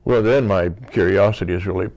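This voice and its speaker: A man in his sixties from the United States, with a low, a little mellow voice and vocal fry, talks fairly quickly as an interview guest. He tells a long anecdote in a loose, rambling way, full of "you know" and acted-out bits of dialogue, in a casual storytelling interview.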